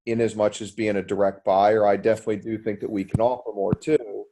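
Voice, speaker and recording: A man on a casual group call, a house flipper, thinking aloud in a measured way. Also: on the low side, flat delivery, dark tone. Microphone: group call audio.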